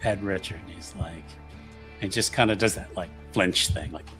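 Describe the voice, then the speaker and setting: A man narrating a vampire tabletop game as game master, relaxed and hesitant. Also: low voice, moderate pace, faint music behind.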